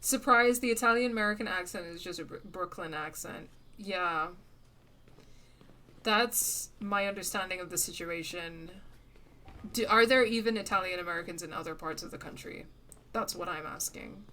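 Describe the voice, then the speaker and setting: A woman's voice: on the low side, normal speed, bright, forceful tone, slight background noise. A woman streaming a video game live, chatting casually with viewers, laughing often and muttering at the game as she plays. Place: lives in the UK.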